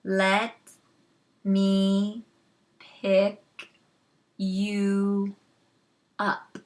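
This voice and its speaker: Woman reading as an earnest young boy, eager, pleading, unhurried storybook voice. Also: fairly high pitch, animated, fairly bright tone.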